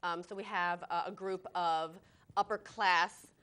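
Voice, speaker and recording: A woman's voice: lowish voice, fairly even intonation, unhurried, a bit bright. A woman guest on a talk show, explaining a story patiently with frequent ums and uhs. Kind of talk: casual interview chat.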